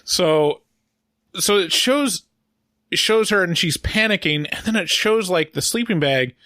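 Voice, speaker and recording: A man co-hosting a casual podcast film review, rambling and halting with fillers as he recounts scenes. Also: high voice, expressive, pushed and bright, no room sound, clean studio sound. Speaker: podcast co-host.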